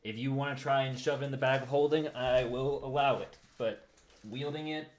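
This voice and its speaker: A man running a tabletop game as game master, describing scenes patiently and reading in-world text out slowly. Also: mid-range voice, steady tone.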